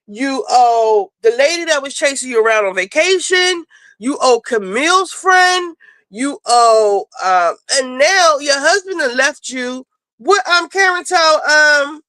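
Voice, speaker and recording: Female host, high voice, dry close sound, blunt and profane, casual commentary. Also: no echo, rough recording. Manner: blunt, profane, fast-talking, animated. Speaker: show host. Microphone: home streaming setup.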